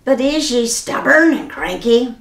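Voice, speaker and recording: A woman voicing a gruff, bossy male pirate captain who bellows in pirate slang in a children's storybook reading. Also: a little high, sing-song, measured pace, fairly bright tone, echoey room, voice pushed up, full character voice. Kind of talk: storybook read-aloud for children.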